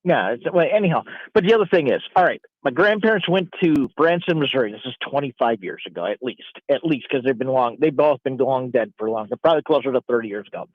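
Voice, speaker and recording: A man's voice: medium pitch, lively intonation, fast, hardly any pauses, no echo. A man who is a Navy veteran, calling in to a show and telling a long, rambling story with many restarts. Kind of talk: casual chat. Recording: tinny phone line.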